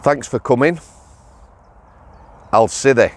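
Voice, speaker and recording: A man's voice: mid-range voice, takes it slowly. A man, a former prison officer telling blunt, plain-spoken stories in a rambling, casual monologue.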